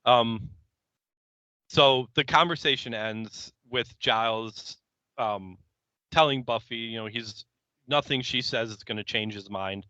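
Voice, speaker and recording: A man co-hosting a podcast, calmly retelling scenes of an episode one step at a time. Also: mid-range voice, dry recording, dull audio. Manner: unhurried, plain scene-by-scene retelling. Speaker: podcast co-host. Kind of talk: casual episode recap chat.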